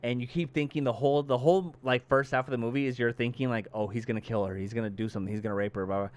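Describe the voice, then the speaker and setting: A man's voice: medium pitch, very fast. A man co-hosting a podcast, casually retelling a movie plot and acting out the characters' lines. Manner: animated storyteller acting out characters, heavy cursing. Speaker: podcast co-host.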